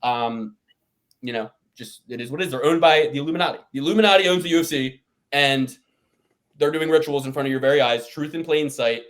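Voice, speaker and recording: A man's voice: mid-range voice, brisk, a bit bright. A man co-hosting a podcast, rambling in a casual chat and swearing often as he rants. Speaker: podcast co-host.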